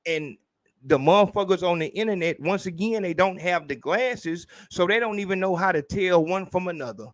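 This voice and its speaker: A man hosting a podcast, ranting casually in a profane, animated way and mimicking people in mocking voices. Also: high voice, moderate pace, dry recording, clean studio sound. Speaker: podcast host. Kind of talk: casual rant.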